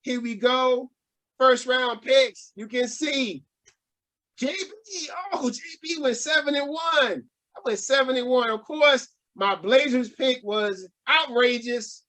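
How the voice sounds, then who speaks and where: A man's voice: very high-pitched, slow pace, bright, forceful tone. A man hosting a casual sports podcast, hyped and joking with his co-hosts and laughing often. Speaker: podcast host.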